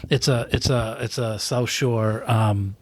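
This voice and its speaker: Speaking slowly and with fairly even intonation, this podcast guest rambles through a casual chat, often restarting and repeating words. His voice is medium-pitched, captured close on a podcast microphone with no echo.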